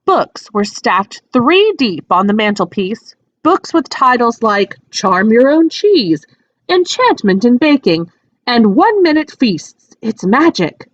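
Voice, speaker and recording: A woman reading a children's fantasy book aloud as narrator, with an expressive, lilting delivery. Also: a little high, slow pace, dry recording. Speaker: audiobook reader. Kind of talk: storybook read-aloud narration. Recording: dry, dull lo-fi sound.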